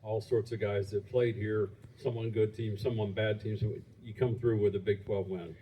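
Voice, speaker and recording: A man's voice: fairly low pitch, level tone, normal speed, a little hiss or hum. Distant, muffled male reporter. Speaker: sports reporter. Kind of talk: press conference question. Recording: muffled, far from the mic.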